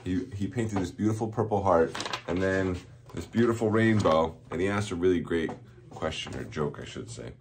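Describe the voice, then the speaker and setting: A man's voice: sits low, moderate pace, a little mellow, slight background noise. A man, a school principal, giving cheerful morning announcements to students and chuckling at their jokes.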